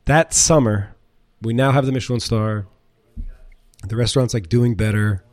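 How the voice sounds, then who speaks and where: Chatty chef telling stories, dry sound. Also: male voice, medium pitch, moderate pace, pauses often, no room sound. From United States. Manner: rambling, animated, swears, many fillers. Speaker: chef and restaurant owner, guest. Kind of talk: casual storytelling interview.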